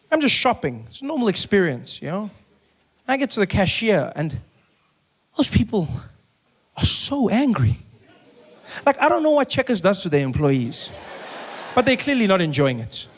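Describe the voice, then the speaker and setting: A man with a South African accent doing stand-up comedy on stage, telling stories and acting out voices. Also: high voice. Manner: animated, acts out voices.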